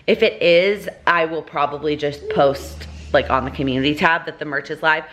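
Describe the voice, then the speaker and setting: A woman's voice: low voice, steady tone, moderate pace, fairly bright tone. A woman in her thirties, a mother, chatting in a rambling, casual way at home, full of fillers and self-corrections. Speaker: vlogger, mother. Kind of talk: casual rambly vlog talk. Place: home, kitchen table. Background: baby toy noises.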